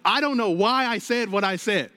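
A man's voice: high voice, moderate pace, pushed and bright. Earnest man preaching a testimony. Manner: earnest storytelling, addresses crowd as "you guys". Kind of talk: sermon testimony.

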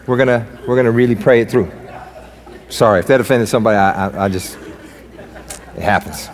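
A man preaching a sermon as pastor in a church, energetic, joking and fired up. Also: on the low side, a little fast, in a large hall. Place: church sanctuary.

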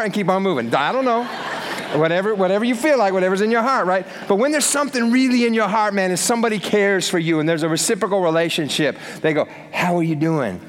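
A man preaches to a congregation in an easygoing, animated way, full of slangy asides. His voice sits a little high, and a long reverb trails behind it in the church hall. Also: quick pace. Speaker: pastor. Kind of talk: sermon.

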